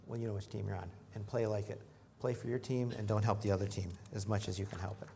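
A man preaching a sermon in a conversational way, joking with the congregation and rising in pitch and volume when he reads scripture. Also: steady tone, quick pace, creaky, dark tone, a little hiss or hum. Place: church in front of a congregation.

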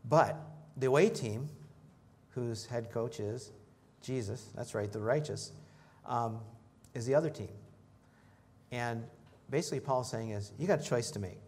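A man's voice: measured pace, darkish tone. Man preaching a casual, joking sermon. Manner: conversational, joking with the congregation; rises in pitch and volume when reading scripture. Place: church in front of a congregation.

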